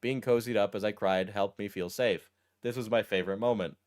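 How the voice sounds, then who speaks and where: A male streamer casually reading a post aloud and breaking off for wry, deadpan asides. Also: fairly low pitch, fairly quick. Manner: wry, deadpan asides between read passages. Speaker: streamer reacting to a text post.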